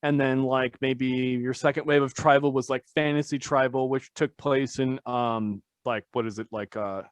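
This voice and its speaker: A man's voice: mid-range voice, steady tone, moderate pace, no room sound. A man, a tattoo artist guest on a podcast, talking casually in a rambling, self-deprecating way full of fillers.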